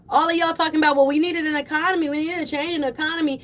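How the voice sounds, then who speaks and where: A woman hosting a call-in radio show, delivering impassioned, preachy commentary that swells toward yelling. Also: high-pitched, steady tone, racing, few pauses. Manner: fiery, preachy, rising to yelling then apologizing. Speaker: radio talk show host.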